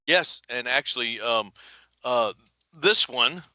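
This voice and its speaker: A middle-aged man, talking as a guest on a video call. His voice is bright and forceful, his pitch swings widely as he tells stories, and the sound is close and dry. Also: no room sound. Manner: animated storyteller, folksy, quick jumps into voices. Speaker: author guest. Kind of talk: casual interview chat.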